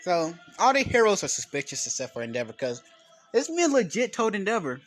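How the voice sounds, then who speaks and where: A man's voice: sits high, very animated, a little fast, faint music behind. A man casually telling a made-up fan story, rambling with slang, swearing and constant self-corrections.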